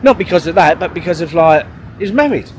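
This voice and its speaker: A man's voice: a little high, animated, brisk, a little hiss or hum. A man, telling a long story in a rambling, sweary way, full of fillers and restarts. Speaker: vlogger. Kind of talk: casual storytelling monologue.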